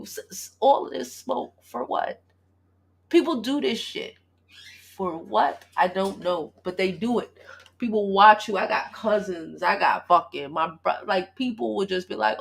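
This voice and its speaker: A woman in her thirties, from Brooklyn, hosting a casual livestream chat in a blunt, profane, animated way. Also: mid-range voice, measured pace. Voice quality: gravelly, husky. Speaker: livestream host.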